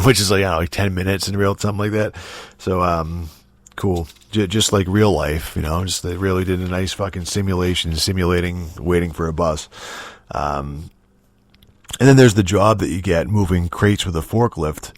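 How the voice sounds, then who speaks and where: Low-voiced, profane, rambling man. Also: normal speed, no echo. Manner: rambling, profane, sarcastic, many fillers. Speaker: podcast host. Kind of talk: casual chat.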